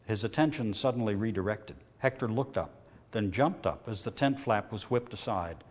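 A man reading a novel aloud in a measured, steady way, lifting his voice when characters shout. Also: fairly low pitch, long reverb tail. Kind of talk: audiobook reading.

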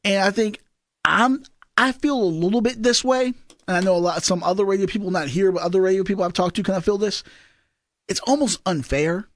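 Give me a man co-hosting a casual podcast, joking around with a slightly high voice. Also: a little fast, no room sound, studio quality. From Virginia. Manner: joking, teasing, rambling with restarts. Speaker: podcast co-host. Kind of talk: casual banter.

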